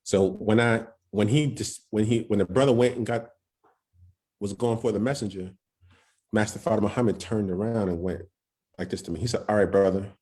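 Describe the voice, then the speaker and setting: Deep, dark-voiced man telling a story. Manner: loose, halting, with many restarts and street slang. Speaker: podcast guest. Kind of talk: casual storytelling testimony.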